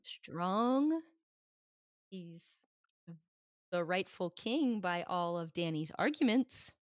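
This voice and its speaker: A woman's voice: lowish voice, lively intonation, slow pace, clean tone, dry recording, clean studio sound. A woman co-hosting a podcast in casual chat, talking freely and acting out quotes in exaggerated voices. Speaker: podcast co-host. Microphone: podcast microphone.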